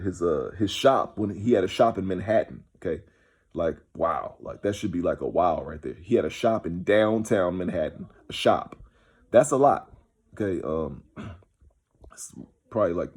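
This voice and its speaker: A man's voice: lowish voice, dark tone, slightly rough. A man giving a casual, rambling spoken teaching who keeps checking in with his listeners. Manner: many fillers and restarts. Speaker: online Bible teacher.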